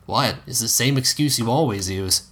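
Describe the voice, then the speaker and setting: A man voicing a tired, bitter young man who speaks curtly and slowly, with tension in his voice. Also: mid-range voice, a bit bright, slightly rough. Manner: curt, slow, tense.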